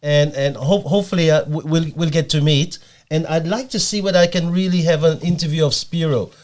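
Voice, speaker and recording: A man's voice: fairly high pitch, steady tone, fairly quick, a little mellow. A man hosting a podcast interview, encouraging and complimentary toward his guest. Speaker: podcast host.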